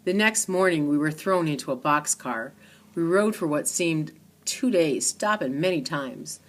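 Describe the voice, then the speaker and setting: A woman reading a children's book aloud in an earnest, expressive storytelling manner. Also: sits low, a little slow. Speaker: reader.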